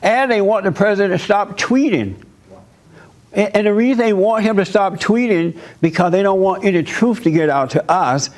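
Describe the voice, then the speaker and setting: A man's voice: high-pitched, moderate pace. A man pastor giving a conversational church sermon, speaking emphatically and laughing between points.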